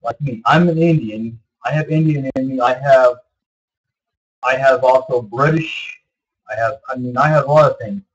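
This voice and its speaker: Rambling husky man in his thirties. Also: mid-range voice, moderate pace, dull audio. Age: 30s. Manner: meandering, repeats himself, many fillers. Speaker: vlogger. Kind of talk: rambling casual monologue.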